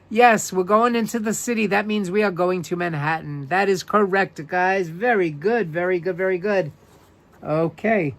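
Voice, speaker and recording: Slow-talking New man hosting a live quiz. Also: sits high, creaky. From New York. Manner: upbeat, repeats questions and greets viewers by name. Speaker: live-stream host. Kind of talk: live-stream trivia quiz, reading viewer answers.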